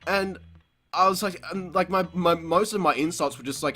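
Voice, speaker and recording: A man's voice: sits high, moderate pace, faint music behind. Swearing young man telling a story. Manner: profane, laughs often, acts out quotes loudly. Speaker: podcast host. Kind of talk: casual storytelling chat.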